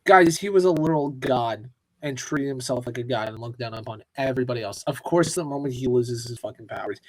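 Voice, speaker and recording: This co-host has a mid-range, slightly mellow voice and speaks briskly in a dry recording. On his casual pop-culture podcast, he goes on profanity-laden rants.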